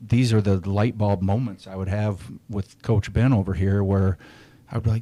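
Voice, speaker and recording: A man's voice: fairly low pitch, fairly even intonation, measured pace, mellow, no room sound. A man in his forties talking candidly as a podcast guest, blunt and profane but reflective about emotions. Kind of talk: candid casual chat.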